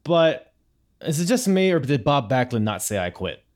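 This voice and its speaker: A man's voice: mid-range voice, big pitch swings, moderate pace, darkish tone. A man hosting a casual podcast, recapping and telling stories with a chatty, laughing manner. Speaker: podcast host.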